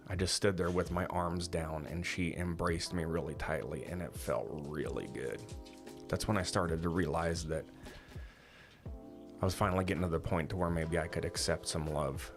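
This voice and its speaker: A man with a notably deep, low voice co-hosts a casual podcast. He rambles candidly, drifting between thoughts and dropping the odd curse. Soft music sits faintly underneath. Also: fairly even intonation, moderate pace. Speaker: podcast co-host. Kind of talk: casual conversational podcast chat.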